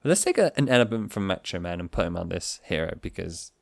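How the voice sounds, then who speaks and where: Lively low-voiced man riffing. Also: quick pace, gravelly, dry recording, clean studio sound. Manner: animated, swearing, jokey. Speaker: podcast co-host. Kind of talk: casual banter.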